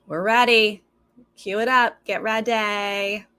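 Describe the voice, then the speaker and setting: A woman's voice: medium pitch, steady tone, takes it slowly, sharp tone, clean tone. A woman hosting a live stream, chatting casually with viewers and mimicking other people's voices in her stories. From Los Angeles. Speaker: live stream host reacting to a TV show.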